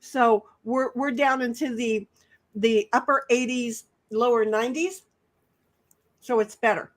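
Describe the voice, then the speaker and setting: A woman's voice: fairly high pitch, unhurried. A woman hosting a livestream in casual, rambling chat, talking while she eats. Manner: rambling, chatty, talks while eating. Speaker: livestream host.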